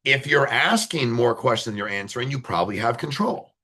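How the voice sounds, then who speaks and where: A man coaching insurance agents in an interview, blunt and emphatic, talking fast in bursts and acting out phone calls with clients. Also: mid-range voice, animated, bright, forceful tone, slightly rough. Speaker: insurance sales leader.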